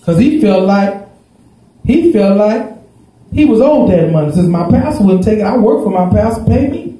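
A man preaching in a church, his voice dark and mellow yet pitched a little high. He tells Bible stories in a folksy way and rises into shouts. The sound rings around a very echoey room. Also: expressive, moderate pace. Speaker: pastor. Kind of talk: sermon. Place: church sanctuary.

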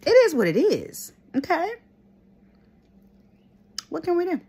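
A woman vlogger telling stories in a chatty, animated way, with lots of fillers and laughs. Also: very high-pitched, unhurried. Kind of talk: casual storytime chat.

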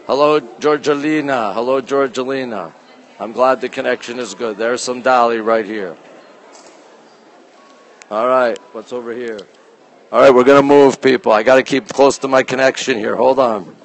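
A man hosting a casual live stream from a phone as he walks through an art museum, reading out artwork titles slowly and greeting viewers by name, sometimes dropping his voice low. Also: fairly even intonation. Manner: talks low at times to keep quiet. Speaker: livestream host touring a museum. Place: indoor art museum gallery.

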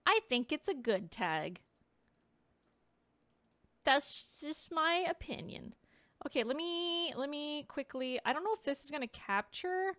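A woman streaming a game and chatting casually with viewers, bubbly and quick to thank them, rambling along with lots of "like" in her speech. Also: sits high, lively intonation, fairly bright tone, no echo. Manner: rambling, filler-heavy speech full of "like". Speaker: VTuber streamer playing a game. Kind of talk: casual gameplay chat with viewers.

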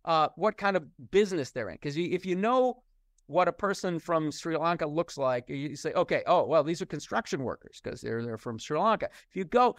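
A man's voice: fairly high pitch, a bit bright, no echo, studio quality. A middle-aged man speaking as an interview guest, explaining at length in a thoughtful way with frequent restarts and fillers. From United States. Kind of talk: conversational interview.

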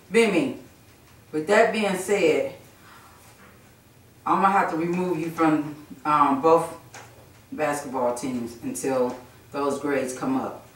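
A woman's voice: lowish voice, a bit bright. Stern mother scolding from across a room. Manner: firm, preachy, repeats phrases. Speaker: mother scolding her son. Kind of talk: prank skit, casual scolding. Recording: echoey room from far off.

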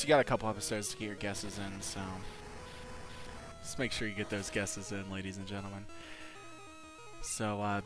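A young man hosts a video game let's play with loose, chatty commentary. His voice is bright and his pitch swings widely as he talks. Faint music plays behind him. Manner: giddy, laughing, swearing. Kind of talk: gameplay commentary.

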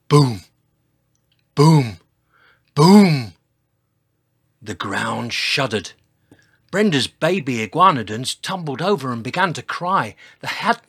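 A man reading a children's dinosaur story aloud, with dramatic sound words and expressive pacing. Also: mid-range voice, creaky, breathy edge.

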